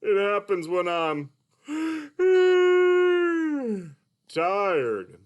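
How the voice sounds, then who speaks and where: A man voicing a sleepy, cheerful male puppet dolphin with an excitable, drowsy drawl. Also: high-pitched, takes it slowly, muffled recording, pitched above the performer's own voice, heavily acted. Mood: sleepy, chirpy.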